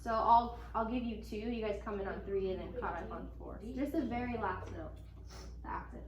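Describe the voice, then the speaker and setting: A woman's voice: mid-range voice, a little fast, a little mellow. A woman leading a school band class, upbeat and encouraging, talking casually with plenty of "like" as she explains the music. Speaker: band teacher. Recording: echoey room from a distance.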